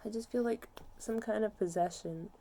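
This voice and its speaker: Quiet, dejected non-binary young vlogger. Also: mid-range voice, slight background noise. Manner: quiet, dejected, halting talk with many "like"s. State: low and depressed. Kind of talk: casual personal venting to camera.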